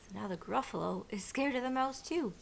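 A woman teacher reading a children's picture book aloud slowly and expressively, pausing to ask her young listeners questions. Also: fairly high pitch, vocal fry, slight background noise. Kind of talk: children's storybook read-aloud.

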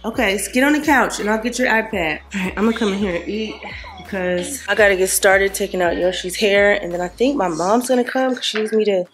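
A woman's voice: medium pitch, fast, over music, low-quality recording. Sassy young woman vlogging at home. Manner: sassy, scolding the kids, then hushed at night. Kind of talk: casual vlog narration.

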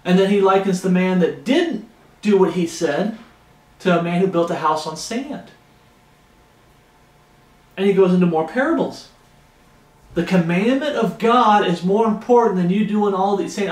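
A man's voice: high voice, normal speed, long pauses. A man preaching an expository Bible sermon with passion, often raising his voice. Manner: impassioned, raises his voice. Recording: echoey room.

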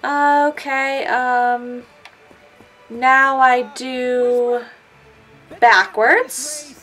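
Woman, let's play commentary, chatty, talks to the game characters, high voice. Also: fairly even intonation, very slow, a bit bright, soft background music. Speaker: gamer.

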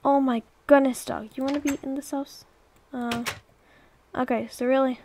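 A woman's voice: sits high, steady tone, moderate pace, darkish tone, slight background noise. A young woman chatting and rambling through her gameplay commentary, exclaiming and coaxing her pets along. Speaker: let's play YouTuber.

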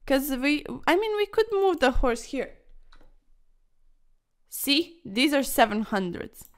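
A woman's voice: high-pitched, big pitch swings, takes it slowly. A young woman commentating her own online chess games in a playful, dramatic way, full of quirky slang and mock-formal asides. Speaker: chess streamer.

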